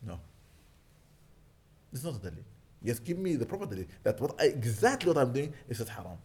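A man's voice: medium pitch, big pitch swings, quick pace, a little mellow. A man preaching as a sheikh and teacher. He recites lines in Arabic and explains them in English, and he stresses his points with repeated "okay?". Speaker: sheikh and teacher at an Islamic school. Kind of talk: religious lecture.

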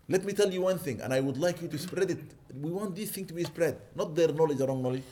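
A man's voice: a little high, fast talker, few pauses, dark tone. A man preaching as a sheikh and teacher. He recites lines in Arabic and explains them in English, and he stresses his points with repeated "okay?". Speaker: sheikh and teacher at an Islamic school. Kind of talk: religious lecture.

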